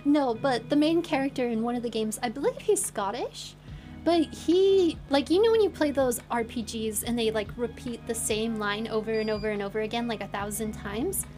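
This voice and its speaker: A woman's voice: fairly high pitch, normal speed, warm tone, faint music behind. A young woman streamer chatting casually and giggling, trying out British phrases. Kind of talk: casual chat. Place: lives in England.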